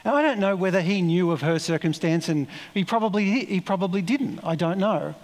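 A man's voice: high voice, brisk, long reverb tail. A man preaching a sermon in a conversational, reflective way, with asides and self-corrections.

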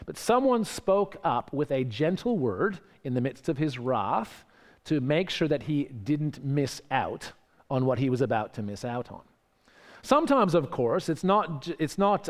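A man preaching a sermon in a conversational way, often checking in with tag questions. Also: a little high. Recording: long hall reverb.

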